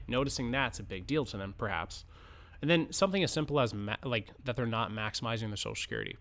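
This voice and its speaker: A man's voice: mid-range voice, fairly bright tone. A man hosting a podcast, coaching financial advisors in a casual, conversational way, often stopping to act out sample lines to clients. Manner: conversational, many fillers and restarts, acts out sample client lines. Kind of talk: casual instructional podcast talk.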